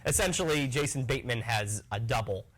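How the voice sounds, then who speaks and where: A man's voice: mid-range voice, expressive, a little fast, a bit bright, poor audio. A young man as an interview guest, chatting casually in a rambling way and laughing often. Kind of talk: casual chat.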